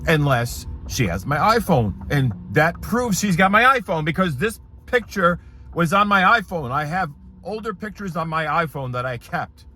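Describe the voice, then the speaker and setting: A man vlogging about a stalker while he travels, anxious and full of questions, sometimes muttering low and sometimes breaking into excited high bursts. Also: normal speed, faint music behind. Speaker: paranormal vlogger. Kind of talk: vlog narration, talking to camera. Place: in and around his car on a road trip. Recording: noisy background, car and road sounds.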